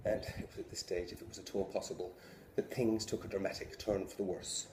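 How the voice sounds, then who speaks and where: A man from England rehearsing a stand-up routine, telling a profane story with animated delivery. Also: deep voice, a little fast. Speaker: stand-up comedian. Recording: echoey room, faint hum.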